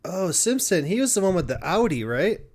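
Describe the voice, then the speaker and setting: A man's voice: high voice, big pitch swings, a little fast, darkish tone, a little hiss or hum. A man co-hosting a casual podcast, talking in a laid-back, hesitant way and filling his sentences with "like.". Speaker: podcast co-host. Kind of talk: casual chat.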